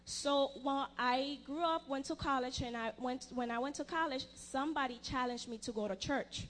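A young woman giving a personal testimony in church, earnest and halting, often restarting her sentences. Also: high-pitched, fairly bright tone.

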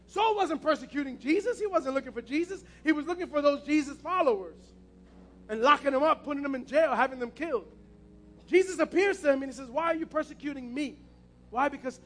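A man's voice: very high-pitched, a bit bright. A man preaching a passionate sermon as pastor, repeating his key phrases.

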